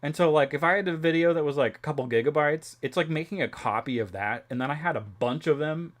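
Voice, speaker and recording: A man's voice: a little high, quick pace. A young man chatting casually on a live stream, rambling with many fillers and restarts and laughing often. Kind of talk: casual chat.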